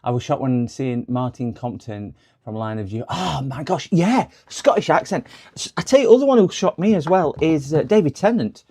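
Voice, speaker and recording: A man's voice: on the high side, expressive, normal speed, warm tone, slightly rough. A man hosting a live repair stream, chatting casually and rambling with lots of fillers from his workshop.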